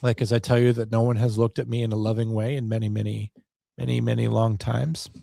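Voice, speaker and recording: A man's voice: medium pitch, little pitch movement, a little fast, creaky, mellow, no room sound, clean studio sound. A man hosting a solo podcast, rambling in a wry, self-deprecating way. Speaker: podcast host.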